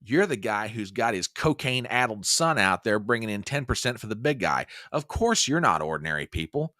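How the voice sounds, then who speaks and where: A man's voice: big pitch swings, moderate pace, no echo, clean studio sound. A man hosting a political commentary show, ranting angrily and sarcastically. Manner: angry, sarcastic, swinging between low growl and shouting.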